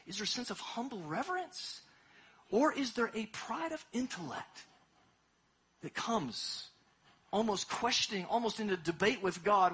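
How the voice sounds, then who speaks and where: A man preaching a sermon as pastor, impassioned, swinging between hushed asides and loud exhortation. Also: sits high, expressive, moderate pace, slightly rough.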